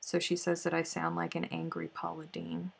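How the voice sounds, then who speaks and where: A woman's voice: lowish voice, very animated, moderate pace, gravelly. A woman with a Southern US accent chatting casually on a crochet live stream, sometimes counting stitches under her breath.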